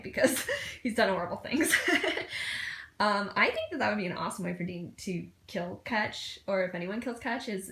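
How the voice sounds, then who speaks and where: A woman's voice: on the low side, fairly bright tone, reverberant. A woman giving a casual, gushing fan review, full of fillers and restarts, often breaking into laughter.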